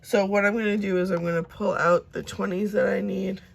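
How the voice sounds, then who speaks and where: A young woman chatting casually as she counts and sorts cash, talking to herself now and then and dropping into soft whispers. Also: medium pitch, level tone, fairly quick, creaky. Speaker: budgeting vlogger.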